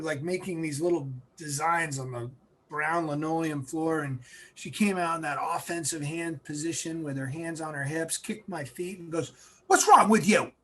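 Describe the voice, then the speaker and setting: A high-voiced, middle-aged man from central Massachusetts, a guest in an interview. He tells a personal story in an animated way and clears his throat often.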